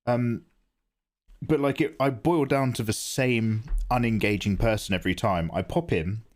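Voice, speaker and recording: A man's voice: lowish voice, normal speed, a little mellow. A man streaming his drawing live, chatting casually and self-deprecatingly while he explains his choices. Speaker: art streamer.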